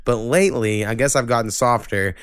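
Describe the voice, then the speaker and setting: A man hosts a casual podcast chat and rants with plenty of swearing. His voice is smooth and clean, with a dry, close sound and no room echo. He sits at a middle pitch and gets animated when something bugs him. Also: brisk. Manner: profane, ranting, animated when annoyed. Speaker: podcast host.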